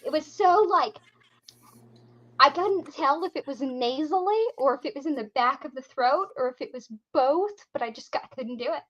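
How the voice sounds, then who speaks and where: A woman co-hosting a casual chat, telling stories in an animated way and swearing freely. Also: high-pitched, moderate pace, muffled recording. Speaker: podcast co-host.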